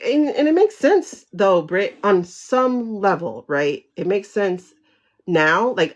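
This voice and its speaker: Gravelly low-voiced woman chatting animatedly. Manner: animated, frank and profane, laughing often; reads viewer comments aloud and answers them. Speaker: livestream host. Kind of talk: casual livestream chat. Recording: dull lo-fi livestream audio.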